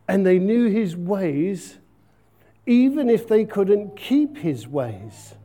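A man leads an all-age church talk in a slow, unhurried way. His voice sits high and swoops about with lots of lift, and the tone is soft and mellow. He keeps it chatty and playful, throwing questions out to the congregation. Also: very animated, lo-fi sound. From Britain. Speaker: preacher. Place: church hall.

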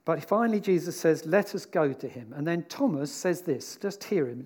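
A man giving a sermon in a relaxed, conversational way. His voice sits a little high for a man, and he often slips into the voices of the people in his story. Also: moderate pace, hardly any pauses, husky. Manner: conversational and animated, voicing the disciples. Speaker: preacher.

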